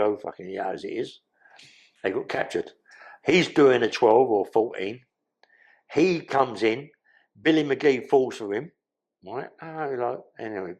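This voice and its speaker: A man tells a story in a rambling way, full of swearing and street slang. His voice is gravelly and husky. His pitch rises and falls widely as he talks. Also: darkish tone. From London. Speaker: podcast guest. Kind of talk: casual storytelling.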